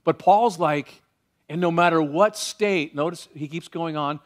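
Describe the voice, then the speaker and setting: A man preaching a sermon as pastor, animated and varied, slowing down when he reads scripture aloud. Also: on the high side.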